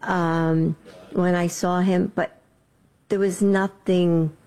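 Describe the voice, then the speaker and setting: A woman answers questions in an interview clip, hesitant and full of pauses. She speaks slowly in a warm, somewhat low voice. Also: little pitch movement.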